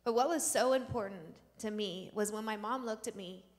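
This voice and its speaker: A woman stands in a church sanctuary and tells her missionary testimony, speaking earnestly and acting out the people in her story. Her voice sits at an ordinary pitch for a woman and carries a long reverb from the hall around her. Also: moderate pace. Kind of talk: personal testimony to a church audience.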